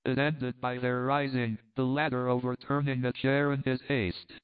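A man's voice: medium pitch, level tone, normal speed, smooth. A man narrating a novel, occasionally reading punctuation aloud. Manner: reads punctuation aloud at times. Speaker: audiobook narrator. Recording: tinny phone-like sound.

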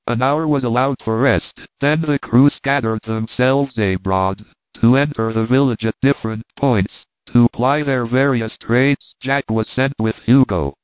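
A man narrating a classic novel in a steady, measured reading. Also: mid-range voice, no echo. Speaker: audiobook narrator. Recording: dry, phone-like narrow sound.

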